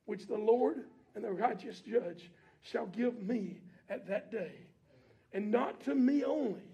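A preacher man with a very high voice and a gravelly edge, talking in a loose, everyday way. He reads scripture low, then climbs into shouted preaching as the congregation answers back in church. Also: slow pace, highs cut off. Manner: colloquial preaching with call-and-response. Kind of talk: sermon.

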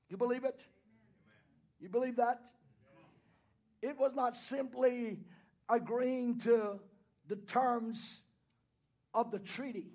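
A man preaching in a very high voice at a slow, drawn-out pace. He swings from quiet pleading to loud shouted declarations and fills the pauses with rhythmic hallelujahs and amens. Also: steady tone. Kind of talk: sermon.

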